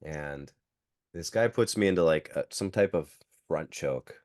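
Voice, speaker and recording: Guy in his thirties, low voice, chatty storyteller who leans on "like" and acts out quotes. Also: measured pace, darkish tone, dry recording, studio quality. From Canada. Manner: filler-heavy, acts out quotes. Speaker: podcast guest, jiu-jitsu coach. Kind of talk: casual storytelling.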